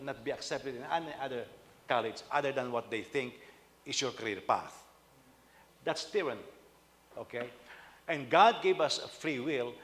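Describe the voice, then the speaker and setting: A man's voice: fairly high pitch, a bit bright, long reverb tail. A man, a senior pastor, preaching a conversational sermon and often putting rhetorical questions to his listeners.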